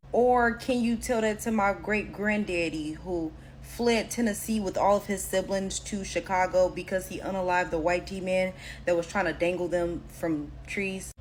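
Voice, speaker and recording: Woman, commentator, sarcastic defiant rant, mid pitch, faint background hiss. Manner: sarcastic, pointed. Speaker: social media commentator.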